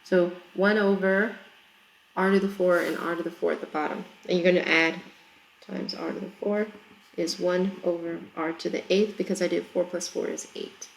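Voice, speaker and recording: A woman's voice: fairly low pitch, fairly even intonation, moderate pace, vocal fry. A woman teacher working through a math problem in a recorded lesson, chatty and explaining step by step with frequent checks for understanding. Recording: echoey room.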